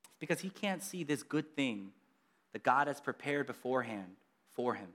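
A man preaching a casual sermon, chatty and animated, acting out quotes with lots of fillers. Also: medium pitch, normal speed.

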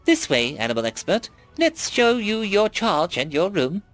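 A man performs an eager green alien crew chief, using an exaggerated voice pitched above his own that is high, sing-song, and a bit bright. The chirpy, upbeat character speaks unhurriedly yet with a brisk mood, over soft background music.

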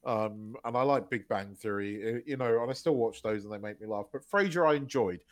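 A man's voice: on the low side, brisk. A man from the UK co-hosting a podcast, rambling and swearing through casual chat. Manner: rambling, restarts, swears, laughs often. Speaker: podcast co-host.

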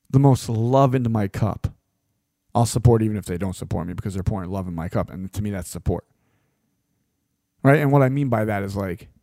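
A man's voice: lowish voice, vocal fry, dark tone, no echo, clean studio sound. A man talking in a casual motivational monologue as a podcast host, rambling and repeating himself, often asking "right?".

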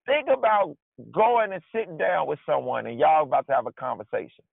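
A man preaching a conversational sermon, informal and animated, acting out his frustration in asides. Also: fairly high pitch, a little fast, creaky, husky, no echo. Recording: dry, tinny phone-like sound.

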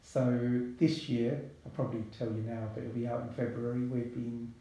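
A man, talking casually as a podcast guest in a relaxed, chatty way with many asides. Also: medium pitch, normal speed, lo-fi sound. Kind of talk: casual interview talk. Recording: very echoey room.

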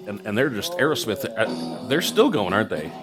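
Low-voiced laid-back man, music blasting. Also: very animated, normal speed. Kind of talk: casual chat.

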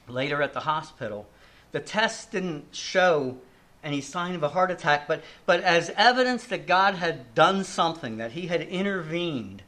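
Older guy giving a sermon, bright slightly high voice, earnest and reflective. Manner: earnest, reflective, with repeated restarts and falling line endings. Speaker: preacher.

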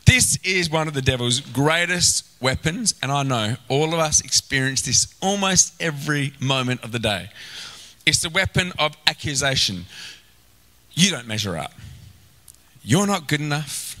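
A male pastor preaching a sermon, animated, acting out inner voices and exclaiming. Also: on the high side, moderate pace, low-quality recording.

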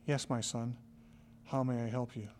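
A man voicing a calm, kindly old male hermit sage, speaking softly and slightly lower than his own voice. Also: slow pace, close to an everyday voice. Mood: calm, gentle.

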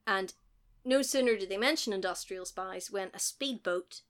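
A woman co-hosting a podcast, recapping a film in animated casual chat full of laughs and quick impressions. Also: mid-range voice.

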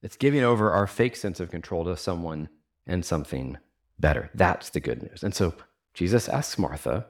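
A male pastor preaches earnestly and conversationally, asking his listeners many rhetorical questions and using casual fillers. His voice sits low and sounds animated, at a normal speed.

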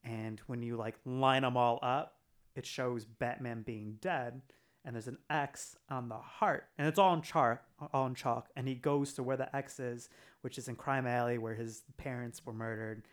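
A man's voice: mid-range voice, fairly even intonation, moderate pace. A man in casual chat, retelling a comic book plot in a rambling way with lots of fillers.

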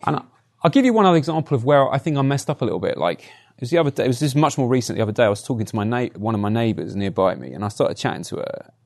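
Racing along in a mid-range, darkish-toned voice, a preacher delivers an animated, chatty sermon built on personal anecdotes. Tag questions like "right?" pop up often.

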